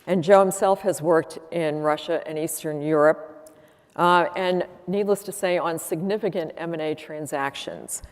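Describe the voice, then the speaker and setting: A low-pitched woman moderates a conference panel, introducing the speakers at an even, measured pace with frequent fillers. Her voice rings with the long reverb of a large conference hall. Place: conference room with audience.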